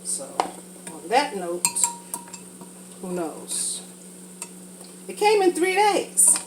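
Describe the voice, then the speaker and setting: A woman's voice: medium pitch, wildly swooping pitch, drawn-out words, pauses often, a little hiss or hum, low-quality recording. A woman talking casually and frankly while cooking for a vlog, rambling from thought to thought, a little congested from a sinus infection. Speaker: vlogger.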